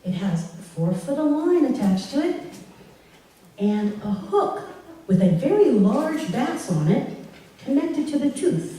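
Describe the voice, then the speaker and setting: A woman telling a personal story live before a room, her voice leaping up and down as she laughs through the telling. She sounds a bit high and lively. She is heard from some way off the mic in a very echoey hall. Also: measured pace, recorded from a distance.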